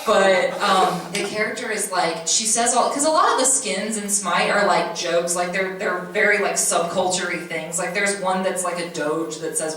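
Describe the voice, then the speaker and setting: A woman's voice: medium pitch, normal speed, a crowd in the background. A young woman voice actress chatting on a convention panel, giggly and rambling. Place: large convention hall. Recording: echoey hall from far off, audience. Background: audience.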